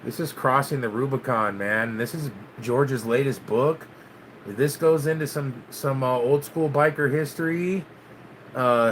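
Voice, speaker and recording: A man's voice: mid-range voice, fairly bright tone, a little hiss or hum. A man hosting his own channel, chatting casually with viewers, loose and laid-back, dropping "man" and swearing often. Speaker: channel host. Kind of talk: casual vlog chat with live viewers.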